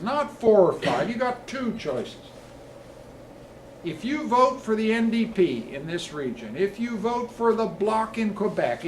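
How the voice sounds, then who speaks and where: A man's voice: sits high, poor audio. A politician on the stump, a man with a slightly raised voice who drives his points home in emphatic, building lists. A faint hiss of noise sits under his speech. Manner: rousing, emphatic lists building to loud peaks. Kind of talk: campaign speech; answering a question, explanatory.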